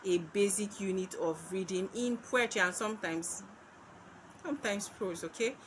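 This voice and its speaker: A woman's voice: mid-range voice, a little hiss or hum, poor audio. A Nigerian woman teaching literature for exams, repeating key points and asking questions that she answers herself. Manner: slow, repetitive, asks and answers own questions. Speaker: literature tutor. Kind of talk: exam-prep lesson.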